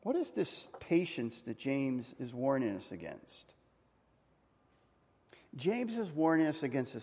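A male pastor preaching a conversational sermon, asking the congregation questions and rising to loud emphatic peaks. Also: medium pitch. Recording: long reverb of a hall.

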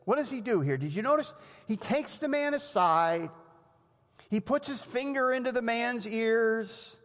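A man preaching a sermon in a lively, conversational way, often laughing and acting out the quotes he tells. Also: very high voice, a little slow. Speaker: pastor. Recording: long hall reverb.

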